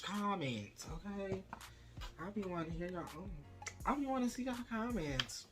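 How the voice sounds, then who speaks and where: Young man, casual eating vlog, sassy and blunt, swears freely, faint music behind. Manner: sassy, profane, expressive with wide pitch swings. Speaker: vlogger host. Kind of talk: casual mukbang chat to camera.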